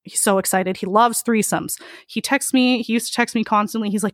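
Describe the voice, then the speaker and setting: A woman's voice: mid-range voice, a little fast, few pauses, dry recording, studio quality. Candid woman telling a wild story. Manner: candid, laughs often, many likes. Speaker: podcast guest. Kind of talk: casual storytelling interview.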